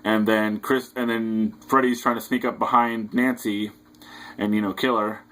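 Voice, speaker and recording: Young male reviewer, low monotone, hesitant rambling recap. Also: normal speed, poor audio. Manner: hesitant, loose retelling full of fillers. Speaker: movie reviewer. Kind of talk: casual rambling film recap.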